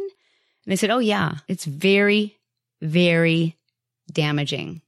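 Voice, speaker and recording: A candid, chatty woman hosts a motivational podcast, speaking straight to the listener in a medium-pitched voice. She slips into little acted-out quotes of her own past thinking. The sound is close and dry, with no room around it. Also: expressive, normal speed, dry recording. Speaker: podcast host. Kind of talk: casual motivational monologue.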